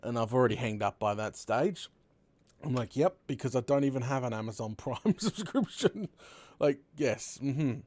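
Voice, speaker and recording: A man's voice: medium pitch, moderate pace. A young Australian man hosting a live stream, chatting casually and telling stories with frequent laughs. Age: young adult. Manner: chatty, laughs often, animated storytelling. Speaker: host streamer.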